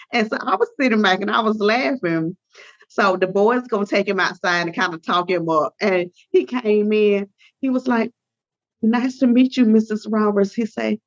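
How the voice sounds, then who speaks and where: A woman's voice: medium pitch, no echo. A middle-aged woman, a ministry and life coach, telling family stories in a casual interview, often laughing. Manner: laughing storyteller with Southern dialect phrasing. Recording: dull lo-fi dry sound.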